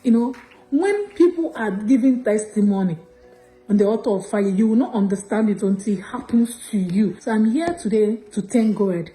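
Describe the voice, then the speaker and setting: A woman with a Nigerian accent giving an emotional church testimony, telling her story in an animated, breathless way. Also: medium pitch, normal speed, soft background music, low-quality recording.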